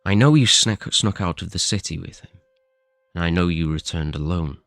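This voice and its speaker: A man voicing a stern, cold father who speaks slowly and threateningly. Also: low voice, a bit bright, no room sound, clean studio sound, faint music behind. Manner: slow, measured and menacing.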